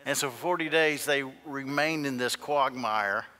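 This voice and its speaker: A man preaching from the pulpit with a bright, forceful voice, swinging between hushed asides and ringing, shouted peaks. His voice rolls out into a church hall with a long reverb tail. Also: medium pitch, unhurried. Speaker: pastor. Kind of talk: sermon. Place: church sanctuary.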